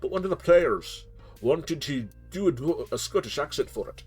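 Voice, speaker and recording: A man's voice: fairly high pitch, lively intonation, moderate pace, a little mellow, husky, faint music behind. A man streaming as game master, chatting casually before the session, rambling and self-mocking, joking and swearing freely.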